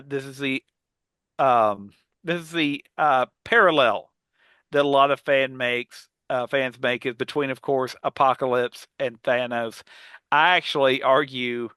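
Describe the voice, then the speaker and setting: Bright-voiced man, rambling podcast chat. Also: medium pitch, smooth, no room sound. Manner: rambling, many fillers and restarts. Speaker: podcast co-host. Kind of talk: casual panel chat.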